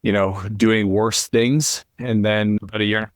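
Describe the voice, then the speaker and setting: A man's voice: fairly low pitch, little pitch movement, measured pace, no echo, clean studio sound. A middle-aged man, a podcast guest, telling his life story candidly and earnestly, often quoting other people as he goes.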